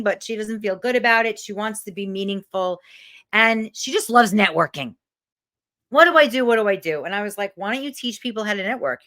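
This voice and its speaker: A woman's voice: medium pitch, a bit bright. Middle-aged lady running a live confidence masterclass, sassy and emphatic, lots of up and down in her voice. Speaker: confidence coach.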